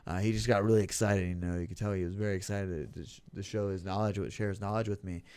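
Young guy, rapid casual storyteller, lots of fillers, slightly low pitch. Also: smooth. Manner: animated storytelling full of "like" and "you know". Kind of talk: casual chat.

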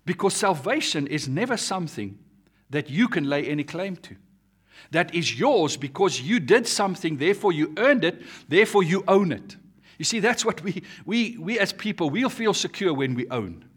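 A male pastor delivers an earnest sermon, his pitch sitting a little high and moving a lot as he pushes toward each point. His voice is husky, and his volume swells and falls as he leans into the message. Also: very animated, normal speed, fairly bright tone. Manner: earnest preaching, rises and drops in pitch and volume.

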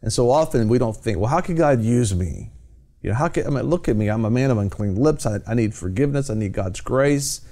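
A man's voice: mid-range voice, lively intonation, fairly quick, dark tone. A man hosting a Christian television program, talking about faith in a fervent, exhorting preacher's cadence. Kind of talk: evangelistic TV talk.

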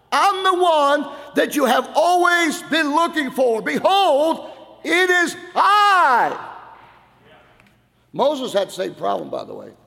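A middle-aged man, a pastor, preaching an old-time Baptist sermon in a church, going from quiet talk to loud shouted passages. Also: high-pitched, gravelly. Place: church hall. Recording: long hall reverb.

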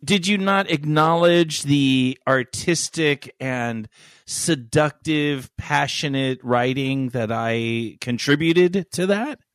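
A man's voice: fairly high pitch, slow pace, a bit bright, no echo, studio quality. A man hosting a podcast, chatting playfully and feigning offense for laughs. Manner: playful, mock-indignant. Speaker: podcast host. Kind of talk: casual chat.

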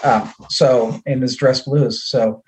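A man co-hosting a casual podcast chat, easygoing and quick to chime in. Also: medium pitch, fairly even intonation, a little mellow, a little hiss or hum. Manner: easygoing, quick agreeable interjections. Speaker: podcast co-host.

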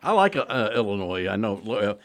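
A man's voice: on the low side, very animated, fairly quick. Radio co-host guy, opinionated, keeps restarting, voice bounces up and down a lot. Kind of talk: sports talk radio. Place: radio studio.

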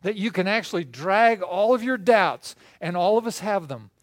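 Brief: older male pastor, lively storytelling sermon, slightly high voice, dry close sound. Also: normal speed, no room sound. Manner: animated storytelling, swings between soft and loud.

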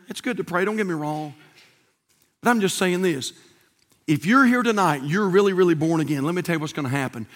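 Fervent high-voiced pastor. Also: male voice, fairly quick, big-room sound. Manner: fervent preaching that swings from hushed to shouted. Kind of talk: sermon. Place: church sanctuary.

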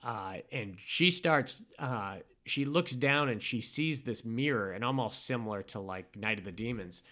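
A man casually recapping a horror film in a rambling, animated way, full of fillers and restarts. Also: medium pitch, unhurried. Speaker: podcast co-host recapping a film. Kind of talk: casual chat.

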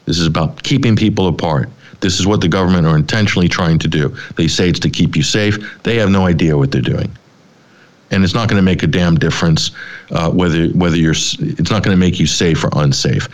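A man's voice: sits low, fairly quick, muffled recording. A middle-aged man hosting a talk show, giving rambling, sardonic commentary with frequent restarts. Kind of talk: opinionated commentary.

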